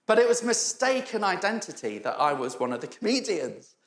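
A man preaching in an echoey church hall. His voice sits a little high and swings widely as he tells funny stories and acts out the people in them. He laughs often along the way. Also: big pitch swings, fairly quick. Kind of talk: sermon with humorous stories.

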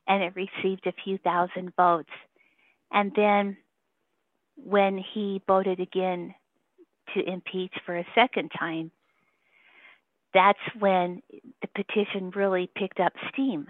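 A woman's voice: mid-range voice, dry recording. Woman calling in, rambly and emotional, laughs a lot, tinny phone audio. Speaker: interview guest. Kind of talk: casual phone interview.

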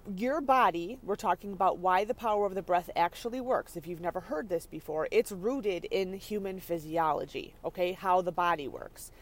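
A woman podcast host giving an energetic, chatty motivational teaching talk from her parked car. She laughs often and keeps checking in with her listeners. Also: medium pitch. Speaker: podcast host and leadership coach. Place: parked car on a rainy day.

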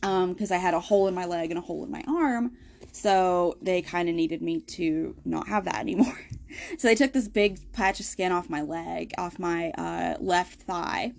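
A woman's voice: lowish voice, normal speed, gravelly, darkish tone. Candid woman laughing through a grim story. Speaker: podcast host. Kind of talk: casual storytelling monologue.

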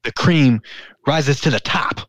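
Male co-host, laid-back teaser, mid-pitch, dry close mic. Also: takes it slowly, no echo. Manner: laid-back, teasing, short replies. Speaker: sports podcast co-host. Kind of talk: casual sports banter.

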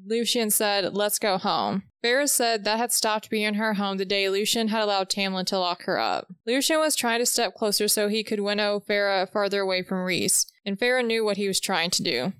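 A woman reading aloud a chapter-by-chapter recap of a novel, with the dialogue read in a steady, even pace. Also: medium pitch, normal speed, hardly any pauses, smooth, no room sound, studio quality.

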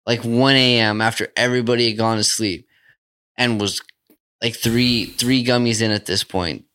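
A man with a bright, forward voice tells a wild story in loose, profane podcast chat. His talk is animated, full of swearing and acted-out quotes. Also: medium pitch, normal speed, smooth.

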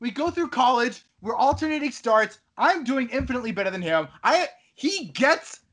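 A man's voice: very high voice, big pitch swings, moderate pace, fairly bright tone. A man in casual chat, animatedly retelling a video game story and laughing as he goes.

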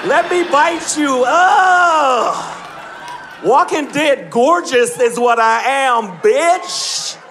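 A man voicing a flamboyant male zombie who shouts sassy taunts at someone he is chasing. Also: expressive, extremely slow, a little hiss or hum, exaggerated voice. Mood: sassy taunting. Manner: shouting, sassy, high-pitched. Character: flamboyant male zombie shuffling after a victim.

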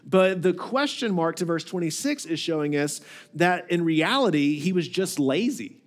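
A man's voice: on the high side, lively intonation, normal speed. A male lead pastor giving a conversational sermon, often repeating words and putting questions to the congregation.

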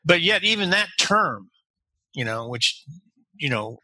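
A man from the United States, talking as a guest in a casual conversation, halting and repeating words as he searches for them. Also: on the high side, very animated, sharp tone, no room sound, poor audio.

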